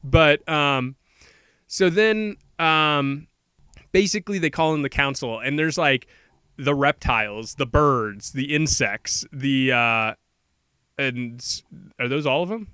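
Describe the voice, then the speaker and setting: A man co-hosting a podcast, rambling through a movie plot and slipping into quick quoted voices for the characters. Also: medium pitch, bright, forceful tone, clear, resonant tone, no echo, clean studio sound. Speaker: podcast co-host. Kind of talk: casual movie recap chat.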